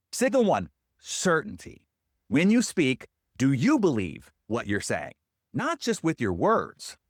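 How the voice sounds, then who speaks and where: An older man coaching business people in a motivational talk, his voice swooping from high to low as he lands short, punchy phrases between dramatic pauses. The sound is dry and close, with almost no room around it. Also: dry recording. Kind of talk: scripted motivational talk to camera.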